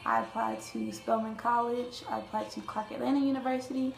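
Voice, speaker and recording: A woman's voice: fairly high pitch, fairly even intonation, fairly quick, vocal fry, roomy sound, faint music behind, poor audio. A young woman from Alabama, a college freshman, talking casually to camera in a chatty, playful way with lots of fillers and asides. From Alabama, US Southern. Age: young adult.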